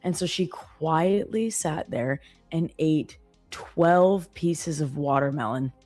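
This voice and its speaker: Slow and dark-toned, this woman's voice sits low, with faint music behind it. A Canadian in her thirties, she co-hosts a live trading stream and chats casually, telling stories with plenty of fillers.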